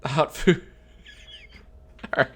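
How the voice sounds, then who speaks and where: A man in his thirties chatting casually on a live stream, joking, sarcastic and swearing freely, often breaking into high laughter. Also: takes it slowly, a bit bright.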